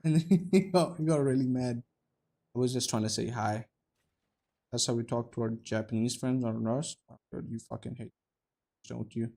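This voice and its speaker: A man's voice: mid-range voice, fairly even intonation, normal speed, creaky, long pauses, darkish tone. A young man giving casual, profane, joking commentary while streaming a game, rambling between stories and play.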